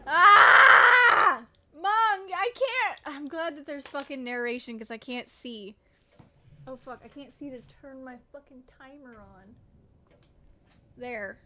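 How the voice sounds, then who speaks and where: Giggly, high-voiced woman streamer. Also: measured pace, long pauses, background noise. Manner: giggly, swears a lot, reads game text aloud. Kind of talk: casual gameplay commentary.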